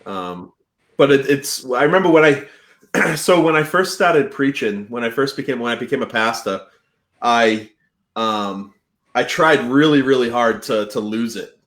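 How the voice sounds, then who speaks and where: Laid-back Boston-accented pastor, roomy sound. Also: male voice, mid-range voice, unhurried, a bit bright. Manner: laid-back, self-mocking, rambling with restarts. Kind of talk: casual book club chat.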